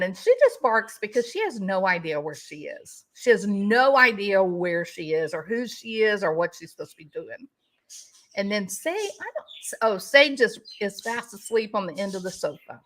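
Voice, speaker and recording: A woman's voice: medium pitch, a bit bright. A middle-aged woman hosting a casual livestream, chatting with her viewers and talking to her dogs. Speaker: YouTube news commentary host.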